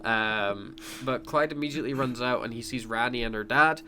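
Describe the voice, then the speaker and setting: A man's voice: mid-range voice, moderate pace, bright, forceful tone, slight background noise. A man co-hosting a podcast, chatting casually and rambling as he recaps scenes, laughing often. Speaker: podcast co-host. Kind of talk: casual review chat.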